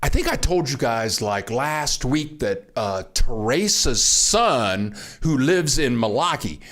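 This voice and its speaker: An older man hosting a casual livestream from Mexico, greeting viewers by name and getting excited over their messages. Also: medium pitch, takes it slowly. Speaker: livestream host. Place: home in Mexico.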